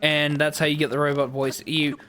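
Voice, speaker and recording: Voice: medium pitch, level tone, fairly quick, a bit bright, faint music behind. Chatty, self-amused game streamer. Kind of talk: casual let's-play chat.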